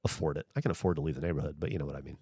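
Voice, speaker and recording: Deep-voiced man chatting on a livestream. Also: steady tone, racing, creaky, mellow, breathy edge, dry recording. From Southern United States. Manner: rambling and conversational, with frequent casual swearing. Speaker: livestream host. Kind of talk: casual livestream chat, answering viewer comments.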